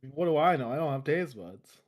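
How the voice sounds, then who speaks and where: A man's voice: a little high, lively intonation, fast talker, close to an everyday voice. A man voicing a cheerful nonhuman ship cook in a tabletop role-play, easygoing and casual. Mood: evasive. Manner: easygoing, casual, evasive when pressed.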